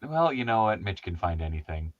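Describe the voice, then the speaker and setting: A man's voice: low voice, very animated, fairly quick, no echo, lo-fi sound. A man hosting a casual chat about toys, rambling and laughing at himself. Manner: rambling, laughs often, self-deprecating. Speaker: host.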